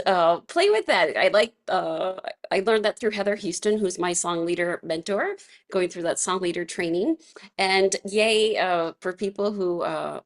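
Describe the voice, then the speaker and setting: A woman teaching a casual wellness class, chatty and laughing often, with many fillers and restarts. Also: lowish voice. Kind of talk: casual guided class instruction.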